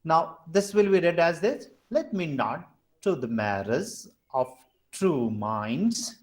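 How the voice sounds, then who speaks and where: Over a video call, a high-pitched man with an Indian English accent teaches an online class. He patiently repeats himself and counts things out step by step.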